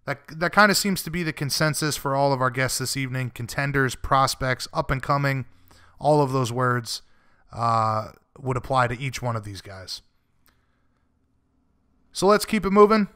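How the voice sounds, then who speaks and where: Bright, crisp-voiced sports radio host. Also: male voice, medium pitch, expressive, normal speed. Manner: easygoing, chummy, laughs along with guests. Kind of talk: sports radio interview hosting.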